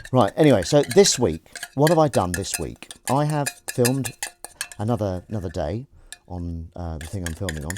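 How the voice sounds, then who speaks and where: A man hosting a casual live stream, rambling and self-mocking, chatting as he goes. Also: noisy background. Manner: rambling, self-mocking and chatty, slipping into a high sing-song voice to coax his cat. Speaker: host. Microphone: fixed streaming mic.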